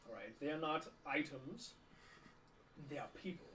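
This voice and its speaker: A man playing a tabletop game talks casually and in character. His voice is fairly high-pitched and fairly bright, at normal speed. The recording is low-quality, with slight background noise.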